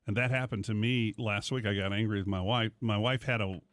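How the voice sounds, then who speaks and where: A middle-aged man hosting a morning radio show, rambling through stories with animated asides in casual studio banter. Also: on the low side, fairly quick, no echo.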